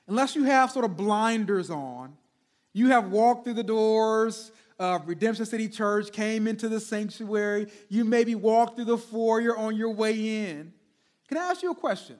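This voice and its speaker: A male pastor with a strikingly high voice, preaching in a church sanctuary. He talks to the congregation in a conversational way, often repeating himself, and moves between loud punches and quiet, drawn-out words. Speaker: senior pastor. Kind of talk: sermon.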